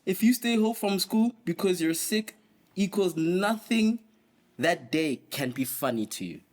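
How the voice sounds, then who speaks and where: Man, podcast co-host, lively pitch, quick to laugh, casual banter. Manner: playful, laughs often, bursts high when amused. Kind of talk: casual chat.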